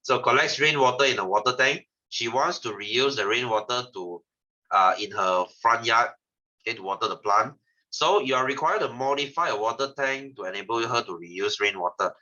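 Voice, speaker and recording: A man with a Malaysian English accent teaching a science class, teasing and lively, dropping lah and ah between questions. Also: mid-range voice, moderate pace, muffled recording. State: tired, yawning. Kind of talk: online class lesson.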